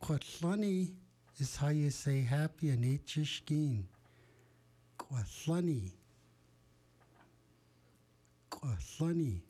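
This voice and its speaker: Man, warm mellow tone, slow, repeats words for learners. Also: a little high. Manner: slow, repeating each word. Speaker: language teacher. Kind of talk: word pronunciation lesson.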